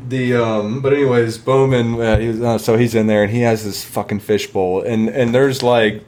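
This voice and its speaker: Man, mid-pitched, casual profane storyteller who rambles. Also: fairly even intonation, normal speed, darkish tone. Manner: rambling, heavy swearing, laughs through the story. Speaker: guest telling an army story.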